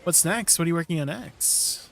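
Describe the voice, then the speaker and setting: A man's voice: on the high side, normal speed, gravelly, fairly bright tone, a little hiss or hum. A man casually chatting on a game stream, explaining gear and greeting viewers from chat.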